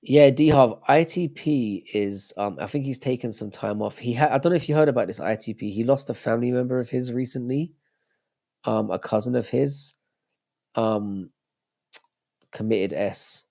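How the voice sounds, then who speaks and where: A man's voice: medium pitch, normal speed, creaky, dark tone. A young man hosting a casual live stream, chatting loosely and answering viewers' messages as he reads them out. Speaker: livestream host.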